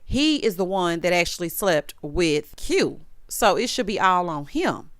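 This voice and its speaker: Sassy, animated woman recapping a show. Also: on the low side, unhurried, no room sound, studio quality. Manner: sassy, animated, acts out quotes. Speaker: recap vlogger. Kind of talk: casual TV recap.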